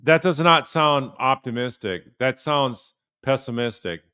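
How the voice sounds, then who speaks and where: A man speaking at an average pitch and pausing the footage to react. He is sarcastic and incredulous, and his asides sound dry and skeptical. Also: pushed and bright, clean tone. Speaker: attorney commentator. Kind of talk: commentary on a video.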